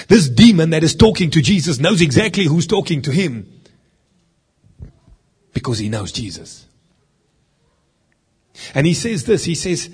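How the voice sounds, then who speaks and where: A middle-aged man delivers a teaching sermon with a husky, slightly breathy voice that sits a little high for a man. He speaks earnestly and conversationally, as a minister explaining scripture to his listeners. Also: darkish tone.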